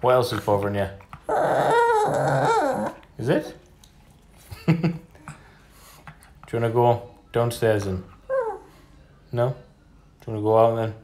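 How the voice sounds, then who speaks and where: A man's voice: medium pitch, fairly even intonation, slow pace, pauses often, a little mellow. A man talking to his pet dog at home in a coaxing, sing-song tone. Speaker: pet owner.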